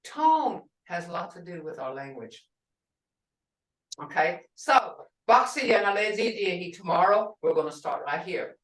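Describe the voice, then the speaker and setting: A middle-aged woman teaches a language class at a deliberate, unhurried pace, saying each word and then repeating it for her students. Her voice sits in a middle range. The mic is a little distant and picks up a roomy echo. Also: fairly low pitch, animated, fairly bright tone. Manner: repeats words slowly for learners.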